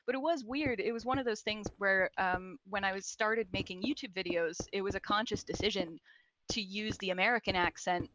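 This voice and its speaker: A woman's voice: mid-range voice, fairly quick, background noise. Woman archaeologist explaining things, chatty. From Scotland. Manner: chatty and explanatory, with frequent laughs. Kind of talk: casual chat.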